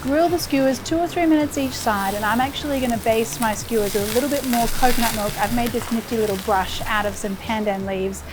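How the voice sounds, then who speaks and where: A woman's voice: on the high side, a little fast, hardly any pauses, noisy background. An Australian woman hosting a cooking show, chatty and enthusiastic as she demonstrates a recipe.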